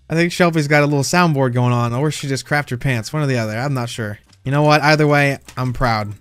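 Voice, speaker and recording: A man's voice: mid-range voice, moderate pace, clean tone, dry recording, soft background music. A man doing casual gameplay commentary, teasing other players and yelping when surprised. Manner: playful trash talk to other players, sudden excited yelps. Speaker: gaming YouTuber.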